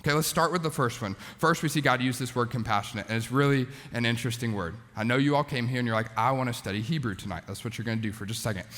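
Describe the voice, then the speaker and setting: A man in his thirties, a youth pastor, preaching to students in a conversational, animated way with casual asides. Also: mid-range voice. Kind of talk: sermon to students. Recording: long hall reverb.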